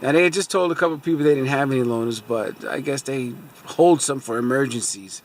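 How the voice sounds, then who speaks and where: A man's voice: mid-range voice, a little fast. A man telling a long, rambling story about a car dealership mix-up in a casual vlog, sitting in a parked car and airing his frustration. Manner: rambling, repeats fillers like "so anyway"; aggrieved, venting frustration. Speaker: car vlogger.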